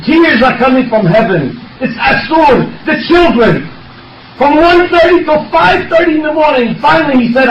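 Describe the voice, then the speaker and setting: A man delivering an emotional memorial eulogy to a room of people, telling stories with quoted dialogue and rising to shouts for emphasis. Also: very high voice, muffled recording. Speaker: eulogy speaker. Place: room with an audience. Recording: echoey room, distant mic, faint background noise.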